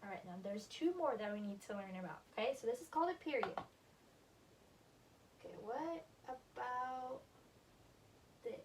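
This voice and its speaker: A young woman teacher walks a class through a grammar lesson, her voice a little high and encouraging as she works at the board. She is recorded by a camera across the classroom, so she sounds distant, with faint room noise underneath. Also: lively intonation. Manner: encouraging, slow and deliberate at the board.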